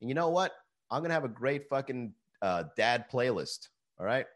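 A man's voice: mid-range voice, animated, normal speed. A man in his late thirties hosting a podcast, ranting loosely and profanely, calling his listeners bro and man. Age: 30s. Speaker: podcast host. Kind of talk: casual profane rant.

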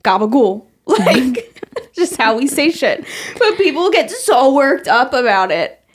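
A woman's voice: sits high, big pitch swings, takes it slowly. A woman co-hosting a podcast in casual chat, swearing freely and laughing often. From New York. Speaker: podcast co-host.

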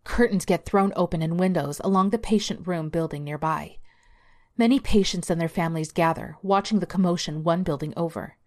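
A woman narrating a dark story with a measured, suspenseful delivery. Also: on the low side.

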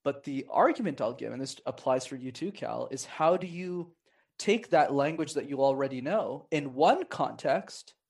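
A man's voice: mid-range voice, normal speed, creaky. A man guest on a podcast, giving casual advice on conversation and acting out voices of people he quotes. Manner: animated, acts out quoted voices. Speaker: podcast guest, communication coach.

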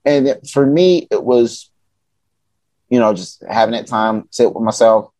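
A man's voice: medium pitch, a little slow, no room sound. A man from Chicago, a podcast guest telling stories in casual talk, acting out what people said, loose and a little profane. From Chicago, USA. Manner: animated, acts out quoted dialogue, casual and profane. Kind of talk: casual storytelling conversation.

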